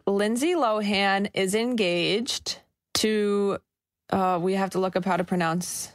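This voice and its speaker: A woman's voice: medium pitch, slow pace, dry recording. Opinionated woman podcast co-host, sarcastic asides, dry close-miked sound. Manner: snarky, opinionated, rambling asides. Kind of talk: casual gossip chat.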